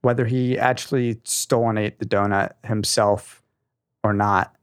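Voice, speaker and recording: A young man co-hosting a casual podcast, talking in an animated, rambling way with a lot of enthusiasm. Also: lowish voice, moderate pace, clean tone, no room sound, clean studio sound. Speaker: podcast co-host.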